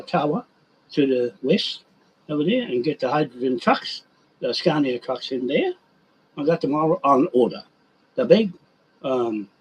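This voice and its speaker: A man's voice: mid-range voice, darkish tone, a little hiss or hum, rough recording. A man in a rambling monologue, drifting off topic and talking heatedly to his animals.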